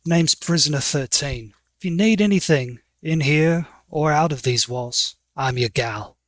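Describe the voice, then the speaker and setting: A man's voice: a little high, unhurried, a bit bright, dry recording, clean studio sound. A man voicing a tough, tattooed dwarf woman prisoner with a wry, drawling way of talking in a tabletop game.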